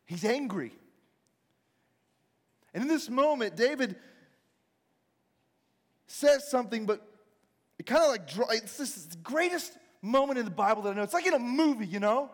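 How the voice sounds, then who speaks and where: A man preaching a sermon, telling the story in a casual, animated way with joking asides. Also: extremely high pitch, normal speed, pauses often. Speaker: pastor. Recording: reverberant large hall.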